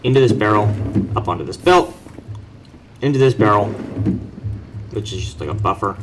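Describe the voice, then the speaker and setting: Low-voiced young man touring his game base. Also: expressive, moderate pace, music in the background. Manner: rambling, self-correcting, dry offhand humor. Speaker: player giving a base tour. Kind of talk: casual game walkthrough commentary.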